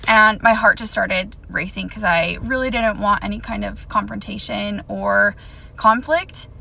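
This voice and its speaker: A woman's voice: medium pitch, steady tone, measured pace, creaky, bright, forceful tone, rough recording. A young woman telling a personal storytime to camera, emphatic and indignant.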